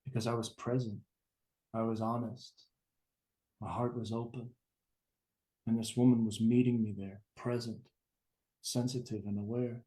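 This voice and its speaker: A man's voice: medium pitch, flat delivery, unhurried, pauses often, dark tone. Earnest man coaching on relationships. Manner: earnest, emphatic, swears casually. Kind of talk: personal teaching talk.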